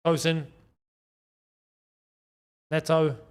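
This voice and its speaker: A man hosting a live football watchalong, reacting to play and chatting to viewers, shouting at big moments. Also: on the high side, very slow, clear, resonant tone. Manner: excitable, shouts at goals, chats to viewers. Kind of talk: live match watchalong commentary.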